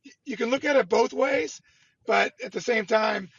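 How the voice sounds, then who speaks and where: A man's voice: very high voice, normal speed, gravelly, fairly bright tone. A middle-aged man, a former baseball player, joining an interview by video call and talking casually. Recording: dull lo-fi video call audio.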